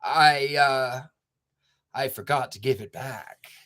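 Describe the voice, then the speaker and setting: A man's voice: mid-range voice, slow, bright, forceful tone. A man voicing a friendly, helpful pickup truck in a storybook reading, eager and cheerful.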